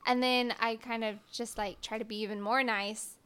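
A woman playing a tabletop game, excitable, swearing and laughing often. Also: on the high side, normal speed, a little hiss or hum. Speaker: player.

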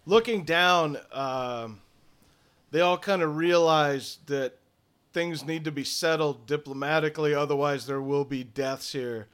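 Bright-voiced male game master. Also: on the high side, unhurried, clear, resonant tone. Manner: loose, profane, playful narration. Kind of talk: narrating a tabletop game.

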